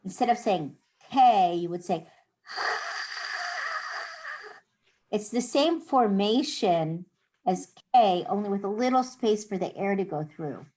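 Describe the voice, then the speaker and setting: A woman's voice: medium pitch, animated, a little slow, warm tone, low-quality recording. A middle-aged American woman teaching a Hebrew class, patiently explaining and demonstrating sounds. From United States. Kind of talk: online class lesson.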